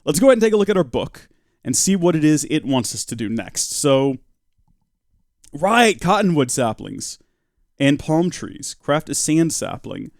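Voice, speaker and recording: A man's voice: on the high side, sing-song, normal speed, no echo. Young male game streamer, dry close mic, chatty and self-mocking. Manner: chatty, self-mocking, answers chat as he plays. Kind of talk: casual live-stream commentary while playing.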